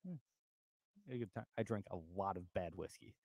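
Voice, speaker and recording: A man's voice: sits low, fairly quick, creaky, a little mellow, dry recording. A man hosting a local sports radio show, chatting casually with his co-host and laughing easily. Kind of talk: casual on-air chat.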